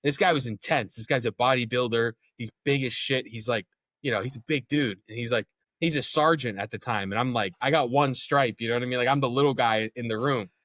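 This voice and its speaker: A man's voice: medium pitch, brisk, fairly bright tone, no echo. A young man as an interview guest, telling his story in a candid, casual way, swearing freely and acting out what others said.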